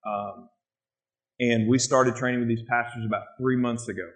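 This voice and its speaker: A man with a voice of ordinary pitch speaks earnestly about his missionary work. He tells animated stories to an interviewer, building up his points as he goes. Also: moderate pace, rough recording.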